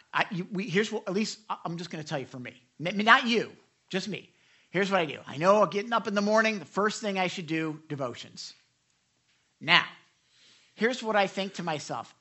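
A man preaching a sermon to a live church audience, animated and chatty, acting out quotes with many restarts and laughs. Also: high-pitched, breathy edge. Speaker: pastor.

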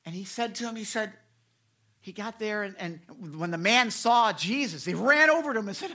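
A preacher giving an animated devotional sermon, retelling scripture with many repeated starts and asking listeners direct questions. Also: mid-range voice, a little fast.

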